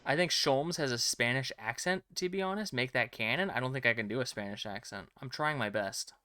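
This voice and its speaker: A man's voice: medium pitch, a little fast, pushed and bright, no room sound. A man streaming a video game, chatting casually and joking about the characters. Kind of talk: casual chat.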